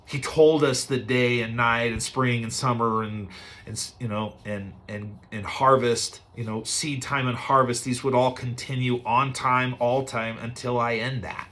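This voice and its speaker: A male pastor delivers a sermon in a relaxed, conversational manner. He retells scripture with animated energy, and his voice sits in a middle pitch. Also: a little slow.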